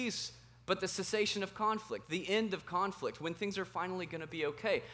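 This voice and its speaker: A man in his thirties preaching to a live audience in a meeting room, praying and then telling funny stories while quizzing the crowd. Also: high voice. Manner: animated and self-deprecating, asks the audience questions. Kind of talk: sermon with prayer and humorous storytelling.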